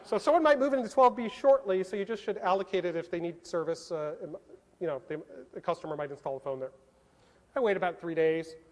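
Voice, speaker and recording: A man from Southern California, a conference speaker telling a lively personal story and acting out the dialogue. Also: high-pitched, fast. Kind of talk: storytelling talk. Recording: long reverb of a large hall.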